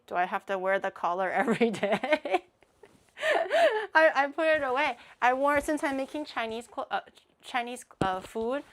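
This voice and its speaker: A woman streamer in casual livestream chat, playful and giggly, laughing often and rambling with plenty of fillers. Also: a little high. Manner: chatty, rambling with many fillers.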